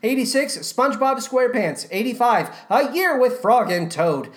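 A woman hosting a podcast reads a long ranking aloud in a brisk, theatrical rhythm. Her voice sits fairly high and leaps around in pitch from item to item. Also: animated. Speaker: podcast host. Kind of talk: reading out a ranked countdown.

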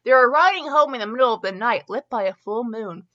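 A middle-aged woman reads a fanfiction story aloud, her voice bright and sharp. She often trips over words and starts again. The recording is muffled and lo-fi. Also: a little high, expressive, a little fast. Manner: stumbles and restarts often, chatty asides. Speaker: fanfiction reader and podcast host. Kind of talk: reading a story aloud with asides.

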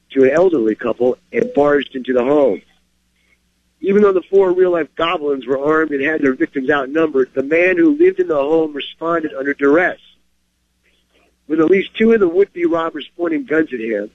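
Hosting a firearms segment, this man speaks in a slightly high voice, laying out carry rules in a plain, emphatic style and often asking "okay?". He reads short stories with his own commentary mixed in. There's no room sound, and the high frequencies are cut off.

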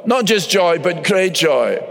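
A man's voice: high-pitched, very animated, slow pace, vocal fry, fairly bright tone, long reverb tail. A man preaching a sermon as pastor, earnest and emphatic, repeating phrases for weight. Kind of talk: radio sermon.

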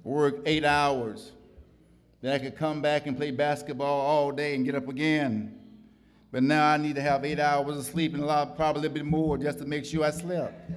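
In a big-room setting, a middle-aged pastor delivers a sermon to a congregation, his voice on the high side. He builds up rhythmic repetitions and calls for responses.

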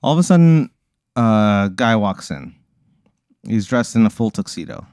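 A man hosting a comedy podcast, telling an improvised scenario in a halting way, with fillers and giggles. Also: fairly low pitch, sing-song, darkish tone, clean tone, no echo, studio quality. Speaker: comedy podcast host running a hypothetical scenario. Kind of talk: improvised storytelling chat.

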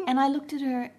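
A woman's voice: high voice, a little mellow. A middle-aged woman, an interview guest, telling a personal story in an earnest, reflective way, often building lists of short phrases.

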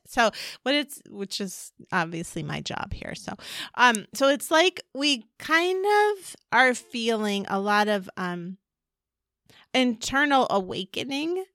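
A middle-aged woman talking casually as a podcast co-host, her voice bright and slightly high, swinging widely in pitch. She is chatty and playful and laughs easily. The sound is dry and close. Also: dry recording. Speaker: podcast co-host and energy reader. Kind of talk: casual chat.

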